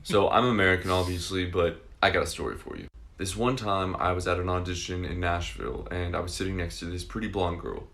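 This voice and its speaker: A man's voice: deep voice, fairly quick, few pauses. A man from Oklahoma telling an anecdote to camera, acting out both sides of the conversation. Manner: animated, acts out both sides of a dialogue. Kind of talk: casual storytelling to camera.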